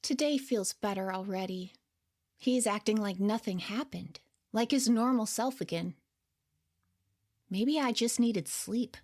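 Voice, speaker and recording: Slow, soft-spoken woman telling her story. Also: medium pitch. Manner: slow, quiet, unsure and earnest. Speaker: podcast storyteller. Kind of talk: first-person reflective story narration.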